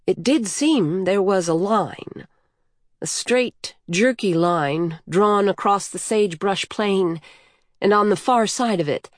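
A woman reading a novel aloud in measured, even storytelling. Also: mid-range voice, no echo, studio quality. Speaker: audiobook narrator. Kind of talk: scripted narration.

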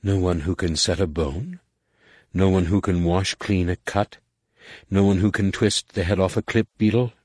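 A man reading a calm, enigmatic female alien mentor in an audiobook, speaking slowly and in measured questions. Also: sits low, slightly rough, no echo, clean studio sound. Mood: calm riddling.

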